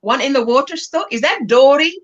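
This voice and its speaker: A woman's voice: high voice, brisk, muffled recording. A South African woman hosting a crochet livestream, chatting playfully, giggling often, and reading viewer comments aloud.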